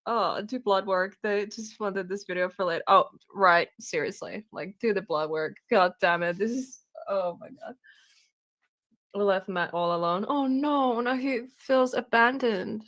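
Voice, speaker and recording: A woman hosting a live stream, reacting out loud to a video with exclamations and laughter. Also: medium pitch, measured pace. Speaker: true crime streamer.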